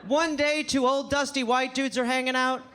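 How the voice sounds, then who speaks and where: A man performing a stand-up comedy set at a live venue, animated and slipping into voices as he goes. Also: very high voice, moderate pace, crowd noise. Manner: animated, acts out voices, laughs mid-joke. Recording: live show, faint audience.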